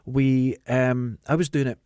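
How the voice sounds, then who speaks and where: A man's voice: mid-range voice, unhurried, clear, resonant tone, no room sound. Scottish man telling stories, dry close sound. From Scotland. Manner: animated storyteller acting out quotes. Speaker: podcast host. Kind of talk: casual chat.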